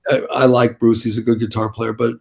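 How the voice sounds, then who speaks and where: Gravelly older New man, blunt and profane. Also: medium pitch, level tone, fairly quick. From New York City. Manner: blunt, profane, rambling with restarts. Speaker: interview guest. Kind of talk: casual storytelling interview.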